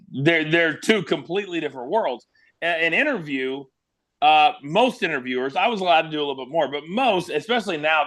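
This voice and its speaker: A man from Kansas, a former wrestling broadcaster, telling animated stories as an interview guest. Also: fairly high pitch. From Kansas, USA. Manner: lively, animated storyteller. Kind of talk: storytelling interview.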